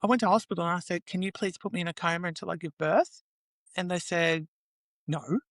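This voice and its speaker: A woman's voice: on the low side, a little fast, no echo. A woman, a guest in an interview, telling her story in a raw, emotional way, swearing freely and acting out the quoted voices of others. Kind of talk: candid personal interview.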